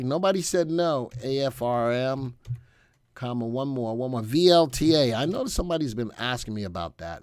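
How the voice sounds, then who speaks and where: A middle-aged man hosts a casual live stream about stocks. His pitch sits in an ordinary middle range. He sounds upbeat and jokey as he talks to his viewers, and the recording is dry with little room echo. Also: a little mellow, clear, resonant tone. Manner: upbeat and joking, chatting with viewers.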